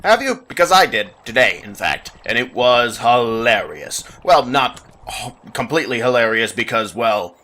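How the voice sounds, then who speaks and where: A man's voice: mid-range voice, sing-song, normal speed, pushed and bright. A young man chatting casually over gameplay, rambling with frequent laughs and restarts. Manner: rambling, giggly, self-interrupting. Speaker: gameplay commentator. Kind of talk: casual let's play chat.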